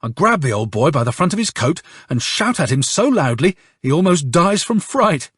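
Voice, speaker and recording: Hoarse cussing young officer ranting his war story , man doing the voice, lively up-and-down pitch, husky dry sound. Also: moderate pace, no echo, full character voice. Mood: angry storytelling. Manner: angry, sardonic storytelling with curses. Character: hoarse young male officer, bitter and swearing. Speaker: audiobook narrator. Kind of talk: audiobook reading.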